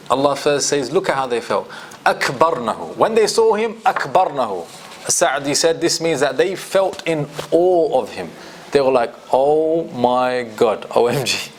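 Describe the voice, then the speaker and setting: A British man leads a Quran commentary lesson in an animated voice that rises and falls widely. He moves between plain English explanation and recited Arabic verses. A faint noise sits under the recording. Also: on the high side. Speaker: Islamic studies teacher. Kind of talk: lively Quran commentary class.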